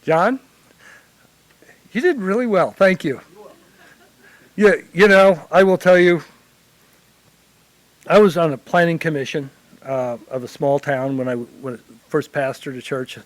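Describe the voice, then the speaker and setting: A man from Illinois who works as a hospital chaplain, telling lively stories to a forum audience. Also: on the high side, moderate pace, pauses often, no room sound, rough recording. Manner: animated anecdotal storytelling. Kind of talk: conference panel storytelling.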